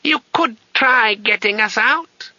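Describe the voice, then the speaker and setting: A man voicing a pompous elderly male wizard master who speaks slowly and haughtily. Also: high-pitched, sharp tone, no room sound, pitched above the performer's own voice, exaggerated voice. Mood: haughty. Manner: haughty, slow, drawling. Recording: slightly dull, dry audiobook recording.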